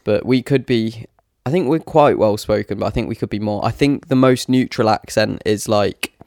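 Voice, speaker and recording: A man's voice: fairly low pitch, normal speed, gravelly, darkish tone, dry recording, studio quality. A young man with a Leicester accent, co-hosting a podcast and joking through casual banter. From England. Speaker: podcast co-host. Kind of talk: casual chat.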